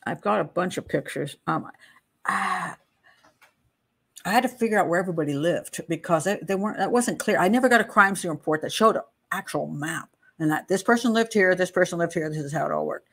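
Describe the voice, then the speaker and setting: A woman's voice: lowish voice, a little fast, fairly bright tone, slightly rough. A middle-aged woman hosting a true crime channel, walking through a case file in a chatty, digressive way and laughing at her own asides. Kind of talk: casual case walkthrough, reading statements aloud.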